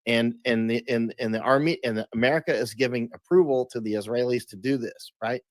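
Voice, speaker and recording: A man's voice: mid-range voice, fairly even intonation, a little fast, dry recording. A man talking as an interview guest, emphatic, often restarting and repeating words. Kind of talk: casual interview talk.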